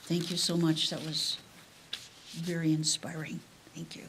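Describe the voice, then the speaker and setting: A woman leading the spoken liturgy in a church service, gentle and unhurried. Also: low-pitched, completely flat delivery, slight background noise. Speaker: worship leader. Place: church sanctuary.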